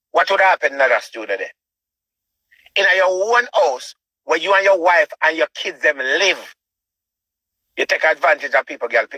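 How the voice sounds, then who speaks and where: This Jamaican-accented show host delivers ranting commentary in a slightly high, bright, forceful voice with a breathy edge. Preachy and repetitive, he leans on rhetorical questions throughout. The recording is dry and the audio poor.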